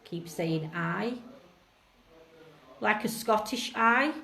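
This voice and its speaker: A woman's voice: fairly high pitch, unhurried. A woman on a live-streamed ghost hunt, calling out to spirits and reading out viewer comments. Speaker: paranormal investigator. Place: echoey old jail building. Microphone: phone livestream. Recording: echoey room, faint music.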